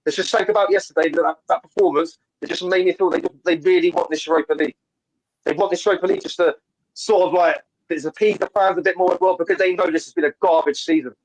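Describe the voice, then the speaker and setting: A man calls in to a fan show over a video call and talks fast about football. His voice sits a touch high for a man, and he pushes on eagerly, restarting his sentences as he goes. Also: fairly even intonation, low-quality recording. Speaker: caller. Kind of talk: casual fan call-in chat.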